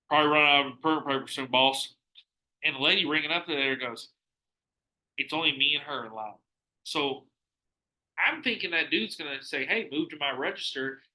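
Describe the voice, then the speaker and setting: A man's voice: mid-range voice, sharp tone, low-quality recording. A man hosting a podcast, telling a rambling, profane story in casual chat, laughing often and acting out what people said. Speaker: podcast host.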